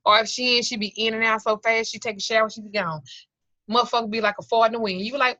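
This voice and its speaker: Brash, bright-voiced woman teacher on a call. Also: fairly high pitch, steady tone, fast, dry recording. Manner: profane, joking storyteller who acts out voices. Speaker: occult class teacher. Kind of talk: casual teaching on a video call. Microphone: video call. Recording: dull lo-fi video call audio.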